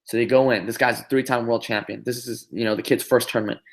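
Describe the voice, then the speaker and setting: A man speaks at an everyday middle pitch as a business trainer on a group call. He tells a long motivational story in an animated way. He keeps it going with fillers and quick tag questions. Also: creaky.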